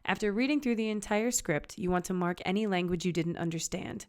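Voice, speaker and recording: A woman's voice: mid-range voice, a little fast, a little mellow. A woman teaching acting basics in an upbeat, encouraging, conversational scripted narration.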